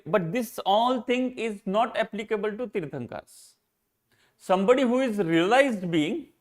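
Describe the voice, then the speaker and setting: A man with an Indian English accent teaching philosophy in an exam-prep lecture, posing rhetorical questions and answering them himself. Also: high-pitched. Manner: repeats and rephrases key points, slips into Hindi.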